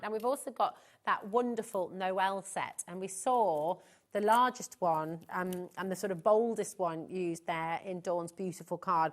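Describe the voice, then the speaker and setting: Brief: woman, TV shopping presenter, gushing and upbeat, mid-pitched voice. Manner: gushing, enthusiastic sales patter. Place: TV studio.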